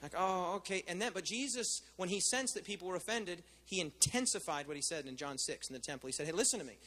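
Male pastor, high and bright voice, casual preaching style, echoing hall. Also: expressive, fast talker, hardly any pauses. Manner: conversational preaching, asks the crowd questions. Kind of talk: sermon.

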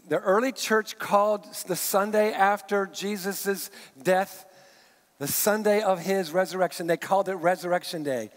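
A male pastor preaching a sermon, telling stories in an animated way and acting out the people in them. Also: sits high. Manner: animated storyteller, acts out the people in his stories. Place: church sanctuary. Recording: long reverb of a church hall.

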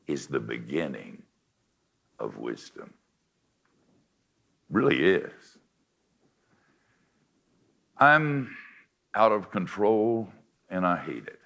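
With a deep, creaky voice, an older man preaches a confessional sermon. He swings between forceful lines and hushed ones.

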